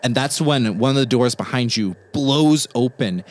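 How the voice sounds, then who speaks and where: A man running a tabletop horror game, narrating scenes quickly and vividly. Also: medium pitch. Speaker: game master.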